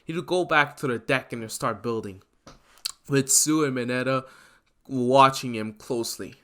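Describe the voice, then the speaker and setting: A man telling a fan-made story in a loose, offhand way. He rambles, restarts his sentences and fills the gaps with hesitant fillers, in a mid-pitched everyday voice. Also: moderate pace, bright, forceful tone. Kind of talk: casual fan-story narration.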